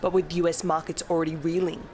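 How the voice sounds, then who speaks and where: A woman delivering a scripted news report in crisp, steady narration. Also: low-pitched, fast talker, slight background noise.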